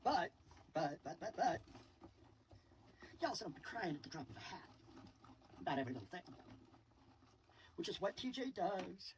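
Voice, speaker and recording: A man's voice: high-pitched, very animated, normal speed, long pauses. A man mocking someone on a livestream panel, repeating taunts in a sing-song, ridiculing way. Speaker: stream panel guest. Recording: distant mic with faint background noise.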